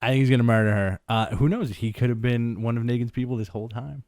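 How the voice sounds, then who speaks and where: A man's voice: medium pitch, fast, darkish tone, no echo. A man co-hosting a comic book podcast in a laid-back casual chat, often chiming in with short agreements. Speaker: comic show co-host.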